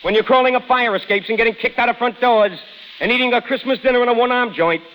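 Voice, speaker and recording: A brash wisecracking reporter. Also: male voice, very high-pitched, pushed and bright, big-room sound, low-quality recording. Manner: fast, sarcastic, swaggering. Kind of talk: 1930s radio drama acting. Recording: hissy old radio broadcast.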